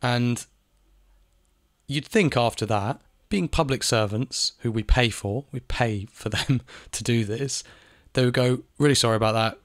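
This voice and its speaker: A man's voice: mid-range voice, slow pace, dry recording, clean studio sound. A man talking in a casual monologue, ranting, repeating phrases and swearing now and then. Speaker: video essayist. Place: home in Spain.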